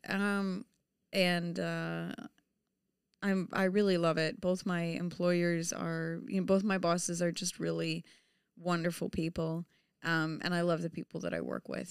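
A woman's voice: fairly low pitch, creaky, clean tone, no echo, clean studio sound. A woman in her thirties co-hosting a casual chat, laughing often and talking with many fillers and restarts. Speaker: podcast co-host.

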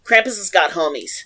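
A woman's voice: fairly high pitch, husky, rough recording. A woman co-hosting a casual podcast, reading notes aloud, laughing often and stumbling over foreign names. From Oregon, USA. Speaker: podcast co-host.

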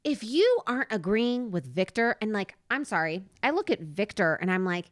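A woman's voice: mid-range voice, expressive, normal speed, no echo, studio quality. A woman co-hosting a casual movie podcast, joking and rambling through a plot retelling. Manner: playful, giggly, rambling retelling. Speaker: podcast co-host. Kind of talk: casual movie-review chat.

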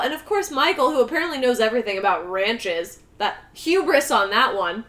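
A young adult woman talks through a movie scene by scene in a casual chat. Her voice sits high and rings bright, and she keeps slipping into lively impressions of the characters. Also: fairly quick, few pauses. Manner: lively storyteller who acts out the characters' lines. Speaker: podcast co-host.

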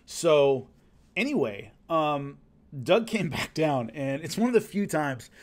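A man casually recounting his fighting days, lively and acting out what others said, with hiccups. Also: a little high, takes it slowly. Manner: animated, acts out quotes of others. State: has hiccups. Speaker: former show fighter telling stories. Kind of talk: casual storytelling.

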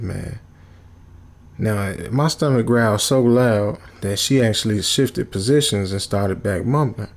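A man casually retelling a comic horror story in a loose, rambling way, full of fillers. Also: fairly low pitch. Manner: loose, rambling, laid-back, with many fillers.

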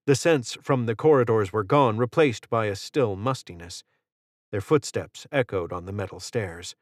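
A male narrator with a low voice reads a thriller in a steady, measured manner. The recording is dry and close, with no room sound. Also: no echo. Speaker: audiobook narrator. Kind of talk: scripted narration.

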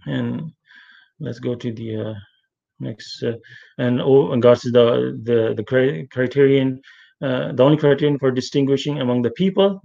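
A man's voice: mid-range voice, moderate pace, vocal fry, dark tone, lo-fi sound. A man leading an online religious study group, talking earnestly and repeating phrases for emphasis. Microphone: online voice chat.

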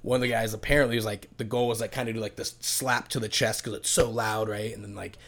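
A man's voice: fairly low pitch, little pitch movement, quick pace, creaky, a bit bright. A man telling a long story in casual chat, rambling with lots of filler words, swearing and acting out what people said. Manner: swears, acts out quoted voices; rambling, full of "like". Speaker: podcast co-host telling a story.

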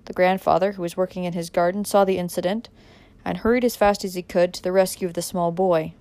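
A woman narrating a dramatic audiobook in a measured way, pressing harder in tense moments. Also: fairly low pitch, fairly even intonation, dark tone, no room sound.

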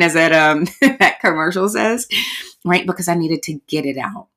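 A woman's voice: lowish voice, animated, normal speed, bright, forceful tone. A woman hosting a podcast, talking candidly and casually to her listeners, calling them y'all. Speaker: podcast host.

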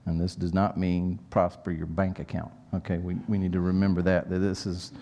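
Deep, mellow preacher man. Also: flat delivery, brisk, muffled recording. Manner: verse-by-verse teaching with repeated phrases. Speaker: pastor. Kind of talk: sermon.

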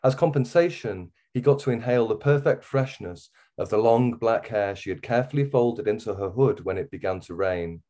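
A man with a Wirral accent reading his own short story aloud in a measured, steady way. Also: on the low side. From England. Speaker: guest author.

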